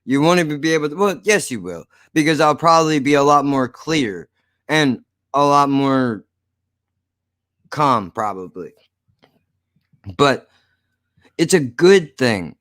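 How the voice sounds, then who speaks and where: A man's voice: fairly high pitch, expressive, unhurried, long pauses, fairly bright tone, dry recording, studio quality. A man hosting his own podcast, ranting casually with slurred speech and lots of swearing. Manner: slurred, profane, rambling. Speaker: podcast host. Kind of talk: casual rant to listeners.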